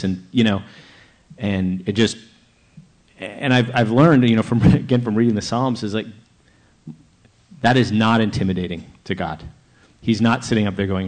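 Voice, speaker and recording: A man's voice: fairly low pitch, normal speed. A man on a church Q&A panel talking candidly and conversationally, now and then chuckling as he explains. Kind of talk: panel discussion.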